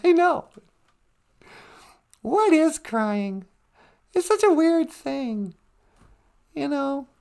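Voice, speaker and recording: Her voice is high and a little mellow yet gravelly, swinging widely in pitch, and she speaks extremely slowly with long pauses. She's co-hosting a laid-back live stream, laughing a lot as she chats and reads out comments from viewers.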